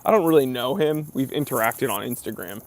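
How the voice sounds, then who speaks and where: A man's voice: medium pitch, expressive, brisk. A young man hosting a casual live stream Q&A, reading viewer comments aloud and chatting with lots of fillers. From near New York.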